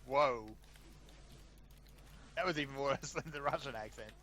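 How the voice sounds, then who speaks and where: A man's voice: mid-range voice, unhurried, a bit bright, a little hiss or hum. Wry joking man on voice chat. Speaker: gamer on voice chat. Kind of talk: casual gaming chat.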